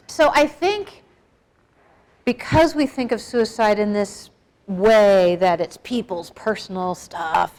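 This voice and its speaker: A middle-aged woman with a mid-range, darkish voice speaks to a live group about suicide prevention as a guest speaker. Her talk is informal, frank and plain-spoken, and she keeps putting questions to the audience.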